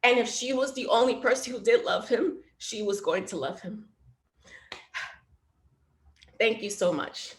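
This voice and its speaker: A woman reading her own poetry aloud over a video call, with a measured, rhythmic delivery that drops to a hush. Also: on the high side. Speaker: poet. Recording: roomy echo.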